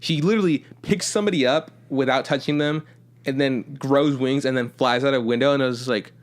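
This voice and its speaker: A man's voice: medium pitch, brisk. A man hosting a podcast in casual chat, rambling with lots of fillers and swearing freely. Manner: rambling, profane, filler-heavy. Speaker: podcast host.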